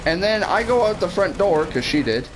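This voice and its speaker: A man's voice: sits high, big pitch swings, moderate pace, background noise. Rambling, foul-mouthed male streamer. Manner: rambling, swears freely, restarts sentences. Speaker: game streamer. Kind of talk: casual storytelling while gaming.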